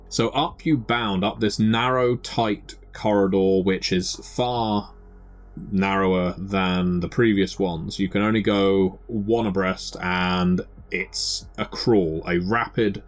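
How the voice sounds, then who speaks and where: A man narrating a tabletop game as game master, describing scenes in a measured way with occasional fillers. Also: low-pitched.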